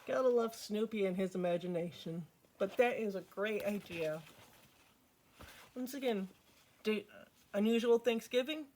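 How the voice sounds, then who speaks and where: A woman's voice: mid-range voice, normal speed, a little mellow, slight background noise. A woman reading a picture book aloud to children as a storytime host, with chatty asides to her listeners.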